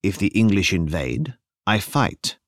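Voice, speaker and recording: Gruff stubborn commander guy read by a man, deep and clipped, dry close sound. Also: expressive, measured pace, no echo. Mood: defiant. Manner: clipped, defiant. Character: gruff proud middle-aged male German commander.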